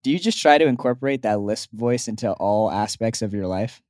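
A man's voice: lowish voice, lively intonation, brisk, a little mellow, no room sound, studio quality. A young man co-hosting a podcast, teasing his friend and telling rambling stories. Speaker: podcast co-host. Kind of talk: casual chat.

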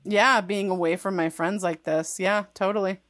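A woman's voice: medium pitch, steady tone, moderate pace, a bit bright, dry recording, clean studio sound. A woman co-hosting a podcast, casually recapping a TV episode, peppering her talk with "like" and laughing often. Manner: chatty, frequent "like" fillers, laughs often. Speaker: podcast co-host.

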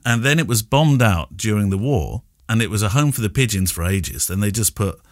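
A man's voice: lowish voice, expressive, brisk, no echo, clean studio sound. A man hosting a podcast, chatty and rambling, with lots of laughs and restarts. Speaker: podcast host. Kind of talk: casual chat.

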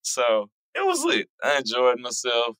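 A man co-hosting a podcast, his voice hoarse and mostly gone, telling stories in a lively way and swearing often. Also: mid-range voice, a little slow, dry recording, low-quality recording. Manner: animated storyteller, swears a lot. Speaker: podcast co-host. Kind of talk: casual chat.

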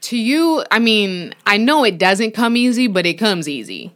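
A woman's voice: medium pitch, very animated, normal speed, a bit bright. Woman co-host, writer type, thoughtful and encouraging in conversation. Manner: supportive listener, reflective. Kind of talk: casual chat.

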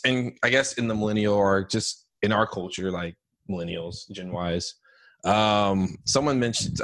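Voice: deep voice, a bit bright. A podcast host reading listener questions in a hesitant way, with many fillers, in a casual interview.

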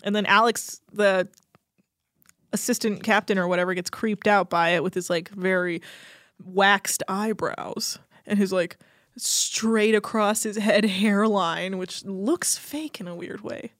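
A young woman talks in a loose, chatty way, full of "like" and "um", with a sarcastic edge. Her voice sits at an average pitch for a woman. The recording is dry and close, with no room sound. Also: a little slow, fairly bright tone, dry recording. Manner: chatty, filler-heavy, sarcastic. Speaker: podcast co-host. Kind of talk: casual chat recapping a reality show.

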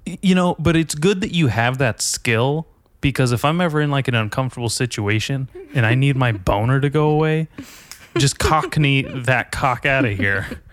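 A man's voice: mid-range voice, fairly quick, no echo. A man hosting a podcast, trading sarcastic, crude jokes in casual banter. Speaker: podcast host.

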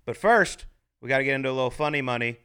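An upbeat man hosts a relaxed sports podcast from a studio. He talks quickly and teases his co-host. His voice comes through smooth and clear at a middling pitch. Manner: upbeat, teasing banter. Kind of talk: casual sports podcast chat.

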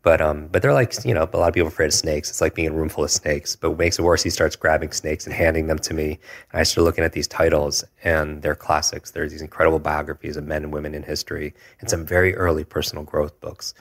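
A man's voice: rumbling low, fairly even intonation, fast talker, vocal fry. A man in his forties tells a personal story as an interview guest, earnest and reflective, often adding "if you will". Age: 40s.

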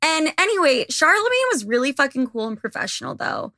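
Sharp-voiced, profane woman podcast host. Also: high-pitched, sing-song, brisk, no echo, studio quality. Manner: profane, ranting, candid. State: slightly losing her voice. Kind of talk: casual monologue.

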